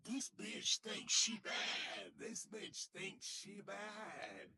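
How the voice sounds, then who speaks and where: A woman voicing a tough older female inmate, who taunts a kid in a hissed, breathy voice. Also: mid-range voice, very animated, extremely slow, pushed and bright, no echo, clean studio sound, heavily acted. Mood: menacing taunt.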